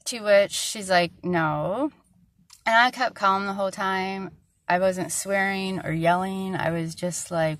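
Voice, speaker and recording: A woman's voice: lowish voice, steady tone, normal speed, no room sound. A woman venting in a personal vlog, rambling and frustrated, with many fillers and a tired voice. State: tired, struggling to find words. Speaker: vlogger.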